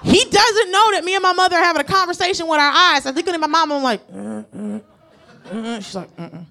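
A woman tells a stand-up story. She is profane and animated, and she acts out the people in it. Her delivery swings from loud to hushed. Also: very high voice, racing. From United States. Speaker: stand-up comedian. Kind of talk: stand-up comedy set.

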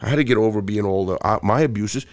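This middle-aged podcast guest, a onetime jewel thief, talks fast in a low voice, telling casual interview stories bluntly and profanely with many restarts. There's slight background noise.

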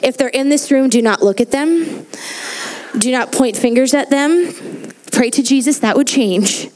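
A woman in her forties preaching a sermon in a lively, joking way, asking the congregation questions. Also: high-pitched, measured pace. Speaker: pastor. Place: church hall.

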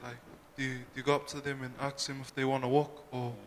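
A man with a mid-pitched voice asks a question from the congregation, halting and searching for words. He sounds far from the mic in a hall with long reverb and faint background noise. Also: little pitch movement. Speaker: church member asking a question.

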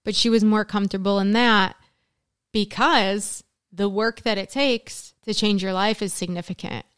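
Smooth-voiced middle-aged woman, earnest and dry. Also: mid-range voice, fairly even intonation, normal speed, no echo. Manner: earnest, talks in long lists. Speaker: guest, works with mothers in recovery. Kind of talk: casual conversation.

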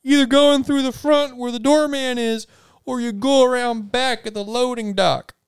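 A man voicing a nervous teenage boy who works a sandwich counter in an improvised comedy role-play, high and jittery. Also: fairly even intonation, moderate pace, smooth. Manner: high, jittery and eager to please.

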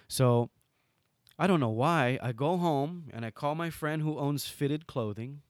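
A man's voice: fairly high pitch, a little slow, no echo, clean studio sound. A middle-aged man from Hawaii telling stories as an interview guest, acting out quoted dialogue in casual talk. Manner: animated, acts out quoted dialogue. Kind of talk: casual storytelling.

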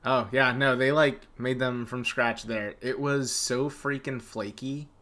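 A man's voice: medium pitch, measured pace. Chatty man co-hosting a podcast. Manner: chatty, laughs often, animated storytelling. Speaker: podcast co-host. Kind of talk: casual podcast chat. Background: dog whining.

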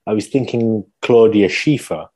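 A man's voice: on the low side, dark tone, slightly rough. A man co-hosting a podcast, rambling and joking as he guesses. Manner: rambling, jokey, quick to laugh. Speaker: podcast co-host. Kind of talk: casual comedic chat.

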